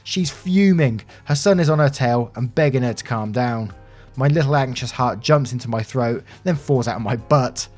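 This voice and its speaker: A man reading Reddit stories aloud in an expressive, animated narration. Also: medium pitch, moderate pace. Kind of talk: scripted story narration. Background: soft background music.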